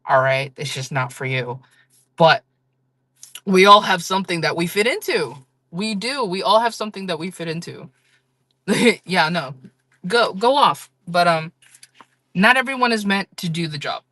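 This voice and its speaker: Blunt, bright-voiced woman streamer. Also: fairly low pitch, lively intonation, moderate pace, pauses often, no room sound. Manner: blunt, frank talk with frequent laughs and swearing. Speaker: livestream seller chatting with viewers. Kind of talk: casual livestream chat.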